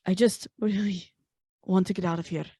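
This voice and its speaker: A woman's voice: lowish voice, steady tone, moderate pace, mellow, breathy edge, no echo, clean studio sound. A woman putting on a Scottish lilt as an anxious young captive. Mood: urgent. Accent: put-on Scottish. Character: troubled young woman held captive for years.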